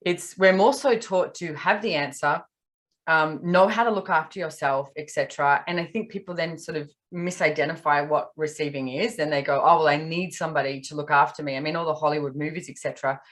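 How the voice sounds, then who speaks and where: A woman's voice: sits low, fairly even intonation, brisk, a bit bright. A woman from Australia, a podcast guest, telling candid personal stories in casual conversation and acting out her own thoughts.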